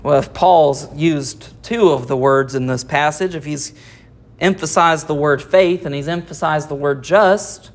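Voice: mid-range voice, a little slow. A pastor preaching an expository sermon, reading scripture aloud and explaining it, often asking rhetorical questions. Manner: reads scripture aloud and comments verse by verse.

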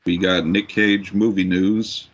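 Very deep-voiced man, muffled podcast audio. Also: flat delivery, takes it slowly, slight background noise. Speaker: podcast co-host. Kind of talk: casual chat.

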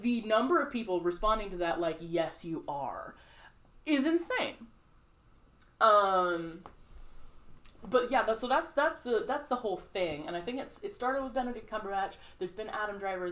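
In a casual podcast chat, a female co-host rambles along at a moderate pace, leaning heavily on fillers. Her voice sits in the mid range, and she animatedly acts out the reactions she quotes.

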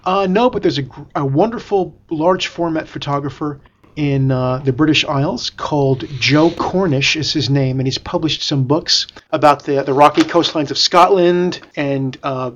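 A man co-hosting a podcast, chatting casually and dropping quiet asides. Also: fairly high pitch, moderate pace, lo-fi sound, slight background noise. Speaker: podcast co-host, photographer. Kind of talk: casual chat.

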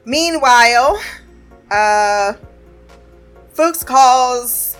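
A woman's voice: a little high, lively intonation, very slow, soft background music. A woman casually recapping a TV episode. She talks in a chatty way, laughs often and swears freely.

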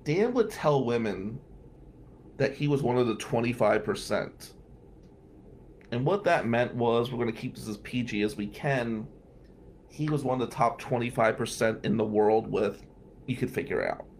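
A man's voice: medium pitch, animated, moderate pace, darkish tone. A man with a mid-range voice recounts a personal story in a loose, conversational way. He wanders into wry asides and drops the odd curse word as he goes. A faint background noise sits under his voice. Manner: digressive, profane, wry asides. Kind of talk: casual storytelling monologue.

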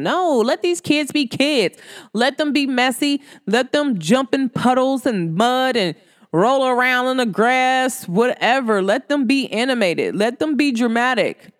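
A woman in her thirties hosts her own show and talks straight to her listeners in a loose, casual monologue. She is animated, and her voice jumps around a lot as she acts out what people said. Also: long reverb tail. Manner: animated, acts out quotes with lively pitch jumps. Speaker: podcast host.

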